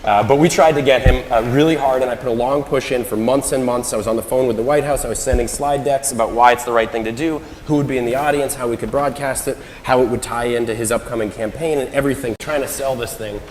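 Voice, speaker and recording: Male conference speaker, American-raised, animated storyteller who acts out dialogue; mid-range voice in a roomy hall with long reverb. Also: medium pitch, fast talker, few pauses, a little hiss or hum. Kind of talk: anecdotal conference talk. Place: large hall.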